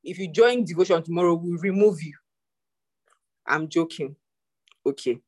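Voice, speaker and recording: A woman leading a church prayer call, preaching and joking with animated swings in voice. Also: on the low side, moderate pace. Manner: animated, preachy, laughs and jokes. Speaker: prayer group leader. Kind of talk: testimony session on a call.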